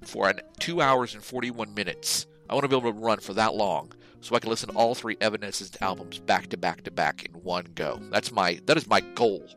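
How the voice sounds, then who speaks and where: A man's voice: on the low side, a little fast, few pauses, a bit bright, soft background music, poor audio. A man co-hosting a casual podcast, talking in a rambling, profane, jokey way. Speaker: podcast co-host. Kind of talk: casual chat, reading a joke ad.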